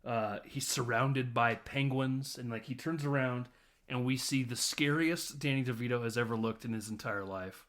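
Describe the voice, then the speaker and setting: A man hosting a podcast, recapping a movie in a loose, animated way, laughing and swearing as he tells the scenes. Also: mid-range voice, moderate pace. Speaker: podcast host. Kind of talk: casual film recap.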